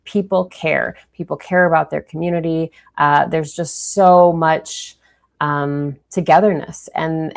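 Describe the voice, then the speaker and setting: A woman with a Minnesotan accent co-hosts a live political talk show. Her voice sits a little low, and she talks in a chatty, animated way, with quick asides. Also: vocal fry. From Minnesota, USA. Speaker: co-host.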